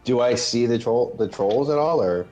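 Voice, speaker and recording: A man playing in a tabletop game, excitable and full of quick questions. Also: mid-range voice, dull audio, soft background music. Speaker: player. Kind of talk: tabletop role-play chat.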